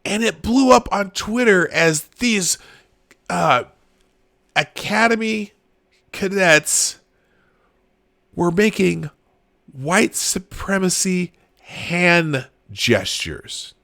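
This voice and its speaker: A man's voice: high voice, expressive, very slow, creaky, long pauses, fairly bright tone, dry recording, studio quality. A man in his forties hosting a casual live stream, rambling with frequent restarts and talking straight to his chat viewers. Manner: rambling, restarts often, laughs at own jokes; talks to chat viewers directly. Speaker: live show host.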